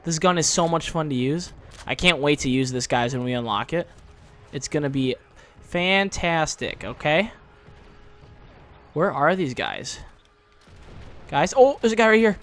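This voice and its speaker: Excitable trash-talking man. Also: a little high, measured pace, pauses often. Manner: excitable trash-talk with sudden frustrated outbursts. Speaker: gaming channel host. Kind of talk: live gameplay commentary.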